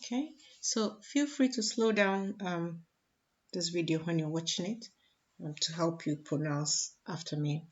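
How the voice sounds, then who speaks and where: A woman teaches Igbo phrases, repeating each one slowly for learners to copy. Her voice sits fairly low, and the recording is a little dull and lo-fi. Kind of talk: language lesson with spoken examples.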